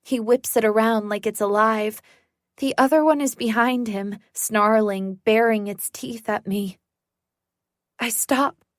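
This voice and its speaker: A woman reading a first-person thriller aloud in a measured, suspenseful way. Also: a little high, fairly even intonation, dry recording, clean studio sound. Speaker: audiobook narrator.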